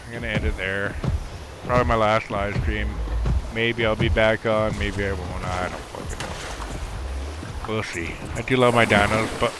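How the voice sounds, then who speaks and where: A man's voice: lowish voice, fairly even intonation, normal speed, noisy background. Exasperated, profane male streamer. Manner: exasperated, profane, talks over gameplay. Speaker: livestreamer. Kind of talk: ranting livestream monologue.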